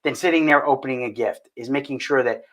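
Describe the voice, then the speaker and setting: A man's voice: medium pitch, quick pace, fairly bright tone. A man hosting a casual talk show, joking and stumbling over his words. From northern United States. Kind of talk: casual chat.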